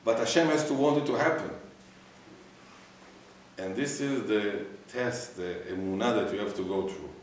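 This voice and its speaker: A man's voice: fairly low pitch, normal speed, pauses often, a little hiss or hum. A man, a rabbi, giving a Torah class and quizzing his students, mixing in Hebrew phrases. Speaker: rabbi teaching a weekly class. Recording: echoey room, mic far off.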